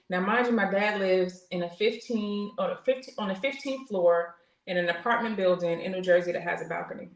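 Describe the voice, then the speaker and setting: A woman in her forties speaks in a low register and tells her own story candidly, pausing on fillers and starting sentences over. Her voice carries some room echo around it. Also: fairly even intonation. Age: 40s. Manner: earnest, open, with frequent fillers and restarts. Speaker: podcast guest, military veteran. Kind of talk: candid personal storytelling in conversation. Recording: roomy echo.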